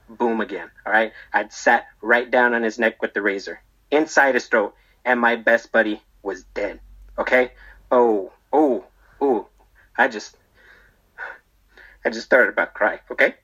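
A rambling, defensive barber behind bars, played by a man, who keeps checking in with "okay?" and "right?" as he tells his story. His voice is bright and sharp. The recording sounds dull and lo-fi. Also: mid-range voice, moderate pace, husky. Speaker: storyteller being interviewed. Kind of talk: comedic character monologue.

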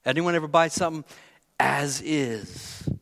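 A man's voice: on the high side, a little slow, gravelly, fairly bright tone, long reverb tail. A man preaching a conversational sermon, telling a personal story in a candid, self-deprecating way.

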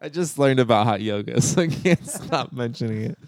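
A man co-hosting a casual podcast chat, talkative and quick to laugh. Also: mid-range voice, lively intonation, a little mellow, no echo. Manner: laughs often, chatty. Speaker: podcast co-host.

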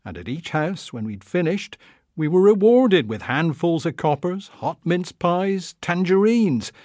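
A man's voice: sits high, expressive, unhurried, a little mellow, dry recording, studio quality. A man giving an evocative literary reading of a childhood memoir. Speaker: reader.

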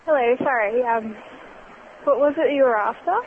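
A woman's voice: on the high side, moderate pace. A woman who works at a fish and chip shop, answering the phone politely but firmly and curtly. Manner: polite but firm and curt. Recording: tinny phone line with background noise.

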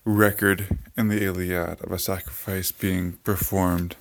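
Low, slow-talking male podcast host. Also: creaky. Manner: relaxed, thinking aloud with fillers. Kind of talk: casual explanatory podcast talk.

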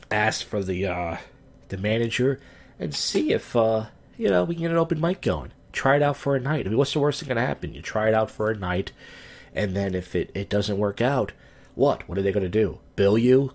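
A man's voice: fairly low pitch, a little mellow. Drunk man rambling on his podcast. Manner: slurred, loose, crude, wandering storytelling. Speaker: podcast host, comedian. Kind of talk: rambling casual podcast monologue.

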